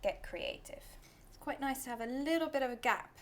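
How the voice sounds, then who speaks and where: A woman in her thirties hosting a casual cooking demonstration in a kitchen, chatty and playful, sometimes dropping to soft self-deprecating asides. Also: high voice, animated, a little fast. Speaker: cooking show host.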